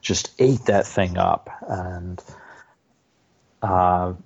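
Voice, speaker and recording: A man in his forties, an author being interviewed, speaking modestly with halting restarts. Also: sits low, gravelly, slightly rough. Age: 40s. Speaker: author guest. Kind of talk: casual interview chat. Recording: dull lo-fi sound.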